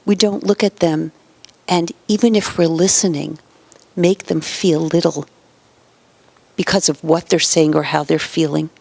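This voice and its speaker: A woman giving a parenting lecture in numbered points, acting out quoted parents and children and often dropping to a soft whisper. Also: low-pitched, fairly even intonation, measured pace, vocal fry, pauses often, dry recording. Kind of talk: motivational lecture.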